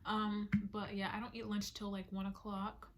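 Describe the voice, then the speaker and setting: A woman's voice: mid-range voice, flat delivery, moderate pace, a little hiss or hum. A young woman chatting casually in a home vlog, playful and self-teasing, recorded on her phone, sometimes dropping to a whisper. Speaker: vlogger.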